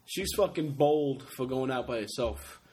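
A man hosting a casual podcast, trading crude jokes and quick asides. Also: mid-range voice, expressive, a little mellow. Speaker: podcast host. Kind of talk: casual chat.

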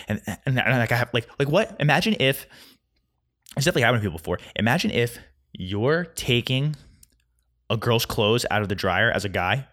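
A young man hosting a solo podcast, rambling through a casual rant at a quick, anxious clip. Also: medium pitch, expressive, a bit bright. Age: young adult. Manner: fast, rambling, anxious storytelling. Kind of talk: casual ranting monologue. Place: Chicago.

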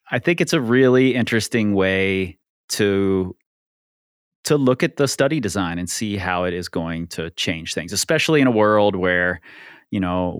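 In a clean studio recording with no echo, a podcast host with a smooth, lowish male voice explains things earnestly. His casual podcast talk is full of ums and easy laughter.

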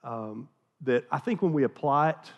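A man's voice: medium pitch, moderate pace, muffled recording. A middle-aged man from the American South, a pastor telling a folksy, self-deprecating story in a sermon, chatty with many restarts.

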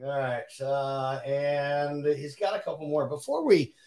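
A man's voice: fairly high pitch, a little slow, darkish tone. A man co-hosting a casual home podcast, easygoing, laughing often and swearing now and then. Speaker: podcast co-host. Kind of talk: casual chat.

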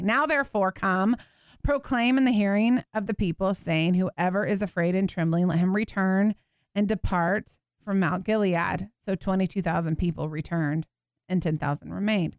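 A woman hosting a faith show, teaching from the Bible in an animated, expressive way and acting out what people in the story say. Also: mid-range voice, no room sound, clean studio sound. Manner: animated, expressive, laughs and acts out voices.

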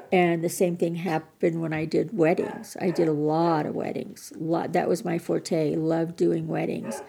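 Older lady w a really gravelly mellow voice, earnest, sharing her story on a podcast. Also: lowish voice. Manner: earnest, candid, self-deprecating. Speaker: podcast guest. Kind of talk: personal recovery story.

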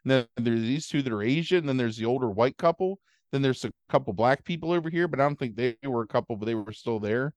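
A man's voice: mid-range voice, fast talker, hardly any pauses, dry recording. A man hosting a podcast, rambling through a casual movie recap and slipping into silly voices for the characters. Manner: rambling, animated storytelling with silly put-on voices. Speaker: podcast host.

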